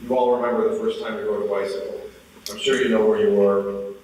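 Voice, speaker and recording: A man in his forties telling a story as a motivational speaker, animated and acting out dialogue. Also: fairly low pitch, a little fast, a little hiss or hum. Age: 40s. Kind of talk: storytelling keynote talk. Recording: echoey hall from far off.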